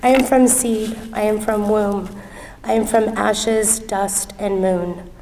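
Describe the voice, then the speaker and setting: A woman with a gravelly, mellow voice reads spoken-word poetry slowly and earnestly, staying within a narrow pitch range. She is far from the mic, with a long hall reverb and faint noise behind her. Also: fairly even intonation. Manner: slow, earnest delivery. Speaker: student poet.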